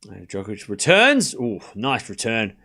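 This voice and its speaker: Excitable man calling tennis live. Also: mid-range voice. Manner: excitable, groans and cries out at points; quick play-by-play calling. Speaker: stream host. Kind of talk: live tennis watchalong commentary.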